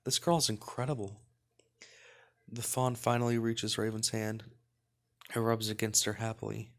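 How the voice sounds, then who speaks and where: A man hosting a let's play, reading a visual novel's narration aloud in an even, relaxed way with light asides. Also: fairly low pitch, normal speed, pauses often.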